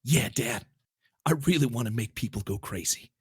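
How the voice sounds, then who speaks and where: A man voicing the groggy young son of an ancient being, speaking in a dazed, flat way. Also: medium pitch, normal speed, husky, voice pushed down.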